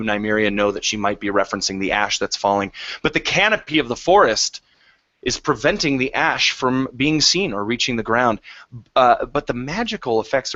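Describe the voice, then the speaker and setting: A man narrating as game master of a tabletop game, describing scenes in a halting way with fillers. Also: mid-range voice, bright, forceful tone, no room sound. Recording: dry, dull lo-fi sound.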